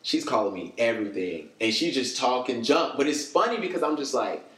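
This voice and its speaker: A man's voice: mid-range voice, fairly quick, reverberant. A man from the States, a podcast guest telling stories in casual chat and acting out what others said. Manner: animated storyteller, acts out quoted voices.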